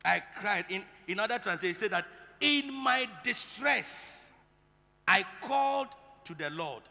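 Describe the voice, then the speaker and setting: High, bright-voiced preaching man. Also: expressive, a little fast, vocal fry. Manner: call-and-response preaching, builds to shouting. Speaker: pastor. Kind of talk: sermon. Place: large church hall. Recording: reverberant hall with music.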